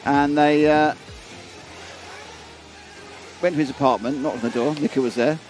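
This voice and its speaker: A man's voice: fairly high pitch, steady tone, normal speed, a little mellow, faint music behind. A man commentating a live race and telling long rambling stories with many restarts.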